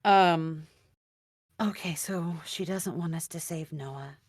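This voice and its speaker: A woman's voice: lowish voice, slow, no room sound, clean studio sound. A woman player in a tabletop game, thoughtful and musing aloud over a voice call. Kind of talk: casual game chat.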